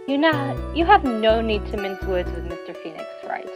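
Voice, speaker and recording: A woman's voice: a little high, big pitch swings, normal speed, music in the background, low-quality recording. A woman voicing a smug, theatrical female prosecutor in a game dub, mocking and dramatic. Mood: haughty. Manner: mocking, dramatic line reading. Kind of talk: dubbing game text aloud with friends.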